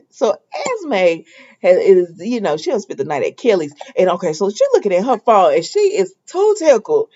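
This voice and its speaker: A woman's voice: mid-range voice, big pitch swings, brisk, few pauses, mellow. A woman casually recapping a soap opera episode, retelling scenes in quoted dialogue with her own asides. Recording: dull lo-fi sound.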